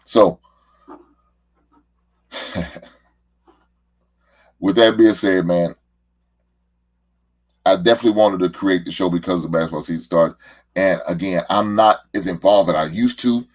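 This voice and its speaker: A middle-aged man with a very low voice hosts his own show. He tells stories casually and at length, and he often stumbles and repeats words as he goes. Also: measured pace, pauses often. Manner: rambling, repeats words when emotional. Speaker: podcast host, father. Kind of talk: casual heartfelt monologue.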